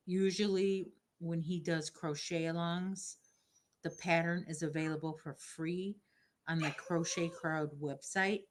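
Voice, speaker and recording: A woman's voice: low voice, a bit bright. A woman hosting a crochet livestream, chatting casually with viewers by name while she works.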